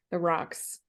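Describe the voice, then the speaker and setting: A middle-aged woman, a guest author, telling a personal faith story in a casual podcast chat, reflective, with soft laughs and restarts. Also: high voice.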